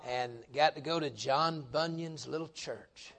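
A middle-aged man preaching a folksy revival sermon, joking with the congregation and swelling into loud emphatic bursts. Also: fairly high pitch, a little slow, gravelly.

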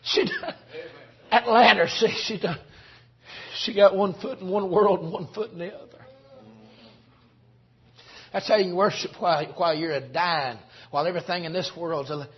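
A man preaching a sermon, shifting from quiet storytelling to shouted preaching. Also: high-pitched, normal speed, long pauses, husky. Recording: dull lo-fi recording.

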